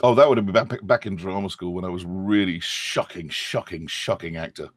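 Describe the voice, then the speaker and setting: A middle-aged British man with a lowish voice talks animatedly in a podcast interview, now and then dropping into playful put-on accents. The sound is close and dry, with almost no room around him. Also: fairly quick, no echo. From England. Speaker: guest actor.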